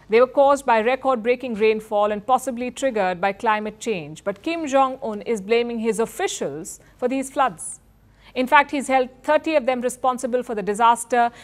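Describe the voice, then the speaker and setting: A woman reads a scripted news item in a crisp anchor style. Her voice sits a little high. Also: a bit bright.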